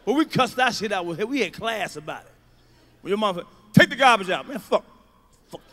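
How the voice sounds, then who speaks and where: Loud profane high-voiced comedian man. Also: expressive, moderate pace. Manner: loud, profane, storytelling with shouts. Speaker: stand-up comedian. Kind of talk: stand-up comedy routine.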